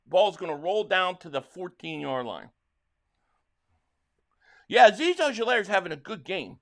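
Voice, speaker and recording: A man from Philadelphia hosting a live football watch-along, excitably calling plays and reading viewer chats, stammering on restarts. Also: sits high, moderate pace, long pauses. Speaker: livestream host and fan.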